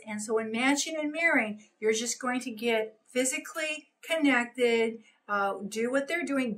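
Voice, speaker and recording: A woman's voice: on the high side, a bit bright, rough recording. A middle-aged woman giving a recorded training talk, coaching with many fillers and restarts. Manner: coaching, gestures while explaining, many fillers.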